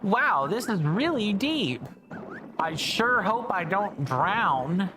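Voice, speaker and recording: Over music, a woman streamer gives casual live game commentary while she plays, chatting in a self-deprecating way and often stumbling over words. Her medium-pitched voice swings widely in pitch, moves slowly, and carries some phlegm in her throat.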